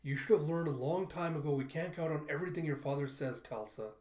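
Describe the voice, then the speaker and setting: A man voicing an anxious, weary mother who scolds gently. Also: a little high, fast talker, roomy sound, lightly acted. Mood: worried.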